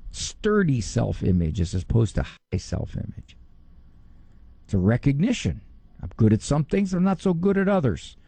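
A middle-aged man speaks with a gravelly, husky edge and a mellow, dark tone. His pitch swings widely as he talks, and he slips into higher voices to mimic other people. The sound is close and dry. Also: dry recording. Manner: animated, quick to mimic others in a high voice. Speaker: psychologist. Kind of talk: talk on parenting and faith.

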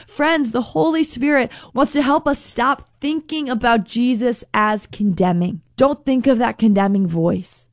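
A woman's voice: mid-range voice, normal speed, a little mellow, dry recording. A woman giving an earnest faith reflection, repeating lines and acting out quotes in her own voice. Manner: earnest, repetitive, acts out quotes. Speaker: Catholic speaker.

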